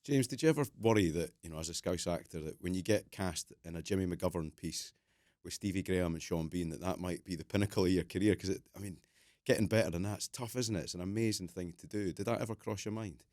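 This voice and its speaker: Male podcast host, low voice, eager chatty interviewer, dry close mic. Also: fast talker, darkish tone, dry recording. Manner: enthusiastic, friendly questioning. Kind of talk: casual interview.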